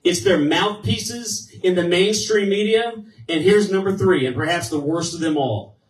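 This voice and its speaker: A man's voice: sits high, normal speed, recorded from a distance. A man, a state representative, giving a fired-up political rally speech and throwing questions at the crowd. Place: event hall. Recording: echoey hall, mic heard from afar.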